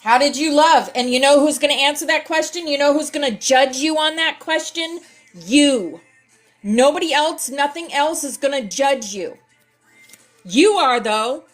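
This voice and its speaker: A woman with a fairly high, hoarse and scratchy voice hosts a relaxed spiritual class. She talks very slowly and with a lot of feeling, pausing to read each affirmation aloud, and soft music plays faintly behind her. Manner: slow, lively, says affirmations aloud. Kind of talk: casual livestream class, reading affirmation cards.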